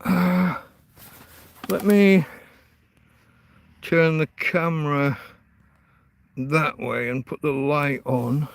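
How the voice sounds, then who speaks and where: This livestream host, chatting casually at night from a tent pitched in a field, swears at his dog in exasperation. His voice is a little high and fairly even, very slow, with vocal fry and frequent pauses.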